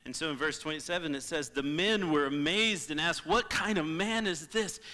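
A man preaching a sermon as pastor, impassioned, swinging between loud appeals and hushed moments. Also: a little high, normal speed, big-room sound. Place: church sanctuary.

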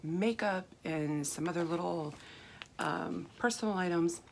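Soft-spoken woman with a froggy, gravelly voice. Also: on the low side, measured pace. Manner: soft-spoken, rambling with fillers and restarts. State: rough, froggy voice with throat clearing. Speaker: craft haul vlogger. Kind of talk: casual chat. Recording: clear background hiss, crinkling packaging.

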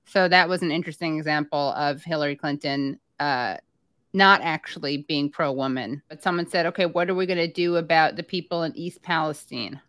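Low-voiced woman hosting an interview. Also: brisk, fairly bright tone, dry recording, clean studio sound. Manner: brief affirming interjections and conversational questions. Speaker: host. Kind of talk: casual interview chat.

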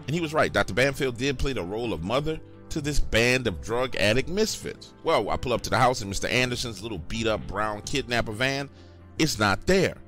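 Man, lively telling. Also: medium pitch, a little fast, faint music behind. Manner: casual, conversational, addresses listeners directly. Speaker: storyteller. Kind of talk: first-person horror story narration.

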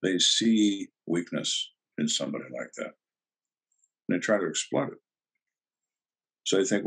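A man's voice: low voice, animated, measured pace, creaky, long pauses, a bit bright, slightly rough. An older man, a retired homicide detective, telling stories in an interview with a dry, sardonic manner. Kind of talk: storytelling interview.

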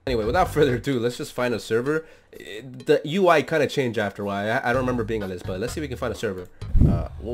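A man hosting a gaming channel, giving let's-play commentary in an excitable, slangy way and jumping into loud outbursts. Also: medium pitch, rapid-fire, slight background noise.

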